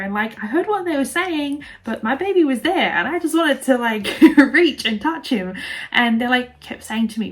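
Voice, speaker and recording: A woman's voice: on the high side, moderate pace. A young Australian woman telling a personal story in a chatty vlog style, full of fillers and emotion. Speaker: vlogger.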